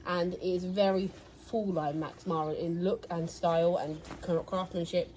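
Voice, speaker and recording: A woman, a reseller vlogger and co-host, chats casually and enthusiastically while showing off her haul finds indoors at home. Her voice is lowish and darkish, with fairly even intonation and a moderate pace. The rough recording carries a little hiss or hum.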